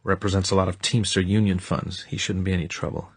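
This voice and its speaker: A man's voice: sits low, little pitch movement, fast talker, slightly rough, no room sound. A man voicing a touchy, menacing male hitman with a curt, threatening manner. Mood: briefing.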